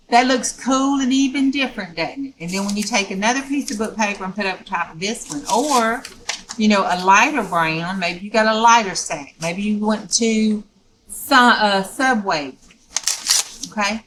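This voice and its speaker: A woman's voice: mid-range voice, animated, moderate pace, fairly bright tone, slight background noise, rough recording. A woman teaching a step-by-step craft tutorial in a folksy, chatty way, often checking in with "okay?".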